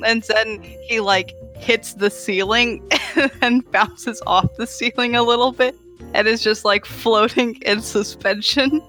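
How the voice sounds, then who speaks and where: A woman narrates a tabletop game with giggly, animated storytelling. She speaks slowly in a slightly high voice. Soft music plays faintly underneath.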